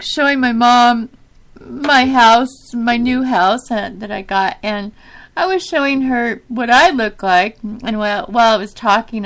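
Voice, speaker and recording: A middle-aged woman talks through her own podcast in a loose, rambling way, laughing often at herself. Her voice is girlish and a touch whiny, sitting a little high, with a gravelly fry at the edges. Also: a bit bright, a little hiss or hum. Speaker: podcast host. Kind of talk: casual solo talk.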